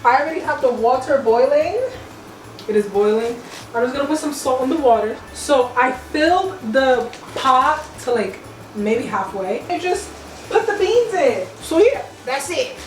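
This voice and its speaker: In her home kitchen, a young cooking vlogger chats playfully with viewers in casual slang, her high voice lively at a moderate pace. The echoey room is picked up by a distant mic, with music playing and a slight hiss or hum.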